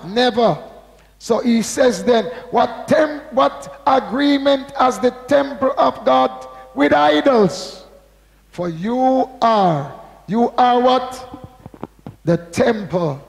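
A man preaching a sermon. He speaks slowly and with emphasis, asks the congregation to repeat key words, and reads scripture with drawn-out stress. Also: very high-pitched, animated, gravelly, in a large hall. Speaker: pastor. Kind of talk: sermon with call-and-response.

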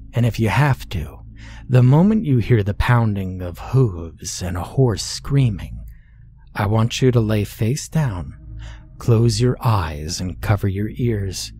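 A man voicing a loving, dying old grandmother who speaks softly and soothingly in a horror story. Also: fairly low pitch, slight background noise. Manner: soft, tender, soothing.

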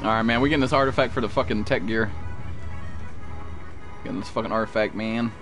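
A young man streaming a survival game live, excitable and profane, yelping and shouting at enemies as he plays. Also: lowish voice, brisk. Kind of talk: live gaming commentary. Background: game music.

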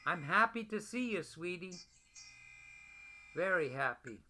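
An older man talking tenderly to his wife over a video call, gentle and affectionate, often repeating pet names. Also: high voice, lively intonation, a little slow, a little hiss or hum.

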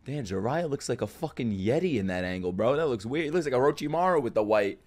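A man's voice: medium pitch, expressive, fast talker, a crowd in the background. A man reacting live to an anime episode, emotional and profane, repeating himself and bursting into exclamations.

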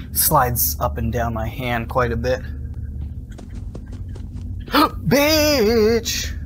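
This young adult man, a gaming streamer, plays a horror game live with a mid-range voice and background noise behind him. He chats casually to viewers, rambling to chat, and is prone to startled, swearing outbursts.

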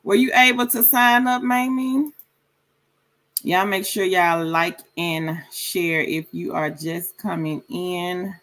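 Slow-talking woman livestream host. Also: steady tone, fairly bright tone. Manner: greets viewers by name with sudden high sing-song calls; slow, drawn-out delivery. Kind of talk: casual livestream chat, reading viewer comments.

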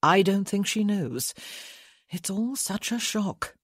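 An audiobook narrator voicing a noble mother who speaks softly and sadly. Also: mid-range voice, animated, slow, husky, no room sound, studio quality, voice pushed up, full character voice. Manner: soft, sad. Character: gentle worried noble mother.

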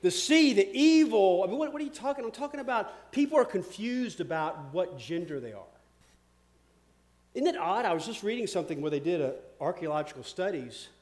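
A pastor with a high voice preaches a sermon. He hammers points loudly, drops to a near hush, repeats himself, and fires questions at his listeners. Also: sing-song, brisk. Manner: emphatic preaching with sudden swings from loud to hushed; repeats words and asks the crowd questions.

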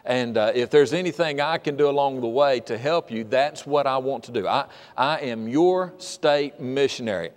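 An older man preaches in a church, his voice carrying a long hall reverb. He is earnest and folksy, often restarting his sentences, at a middle pitch for a man. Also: moderate pace, few pauses. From Georgia, USA. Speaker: state missionary preaching. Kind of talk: sermon. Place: church sanctuary.

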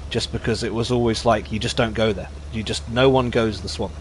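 A man giving casual, rambling commentary while streaming a game, chatting easily and getting excitable when the action heats up. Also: fairly low pitch, fairly quick, slight background noise. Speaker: gaming streamer.

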